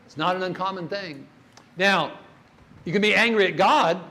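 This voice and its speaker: A man's voice: high voice, fairly quick, fairly bright tone. An older man giving a church workshop talk on grief, folksy and storytelling, asking the audience questions.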